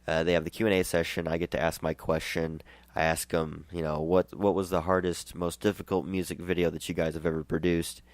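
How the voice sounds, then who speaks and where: A male show host telling a rambling, excited story in a casual way, laughing and restarting as he goes. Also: sits low, brisk, no echo.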